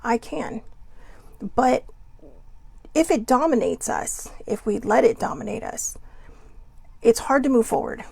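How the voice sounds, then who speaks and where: A woman's voice: a little high, lively intonation, a little slow, gravelly, long pauses, darkish tone, husky. A woman hosting her own show, talking casually about emotions, chatty and self-deprecating, full of rhetorical questions. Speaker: host. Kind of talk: casual motivational talk.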